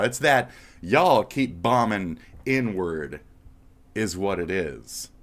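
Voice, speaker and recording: A man's voice: on the low side, lively intonation, slow pace. A man streaming live commentary as a heated, profane, mocking rant. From United States.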